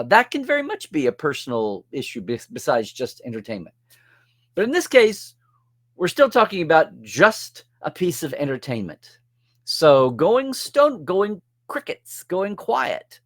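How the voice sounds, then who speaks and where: Middle-aged male show host, lively swooping delivery, rambling and sarcastic, casual commentary. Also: on the high side. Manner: rambling, sarcastic asides, restarts mid-sentence.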